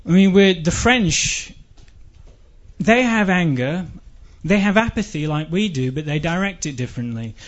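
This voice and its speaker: A man with an English accent tells a comic monologue in a dry, rambling, self-deprecating way, now and then bursting into shouts. His voice sits high for a man. The recording is dull and lo-fi. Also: expressive, a little slow. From England.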